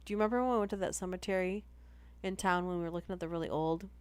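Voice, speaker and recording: A woman's voice: fairly low pitch, fairly even intonation, racing, darkish tone, smooth. A woman streaming, chatting casually between horror story readings, giggly and full of "like". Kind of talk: casual livestream chat.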